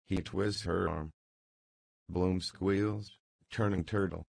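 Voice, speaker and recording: A man giving scripted audiobook narration in a steady, even read into a close studio mic. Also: sits low, takes it slowly, gravelly, long pauses, no echo.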